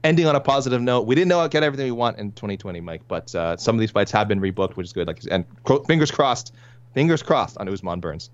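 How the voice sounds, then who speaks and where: A man co-hosting a sports podcast, talking quickly and casually, often stumbling and repeating words. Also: fairly low pitch. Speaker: podcast co-host. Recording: dry, dull lo-fi sound.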